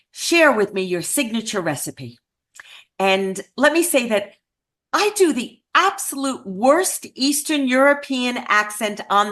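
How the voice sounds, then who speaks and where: A woman's voice: mid-range voice, a bit bright. Earnest woman telling a story. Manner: earnest, self-deprecating storyteller. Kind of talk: speech to an audience.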